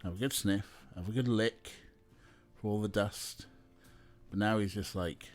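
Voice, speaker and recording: A man's voice: lowish voice, fairly even intonation, measured pace, pauses often, a little mellow, faint music behind. A young man streaming, chatting casually and talking to his cats as he plays. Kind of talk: casual live-stream chat.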